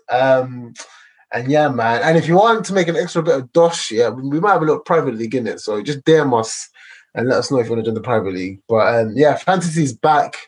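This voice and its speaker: A man's voice: mid-range voice, slightly rough, low-quality recording. A man hosting a casual football podcast, laid-back and rambling with many fillers. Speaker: podcast host.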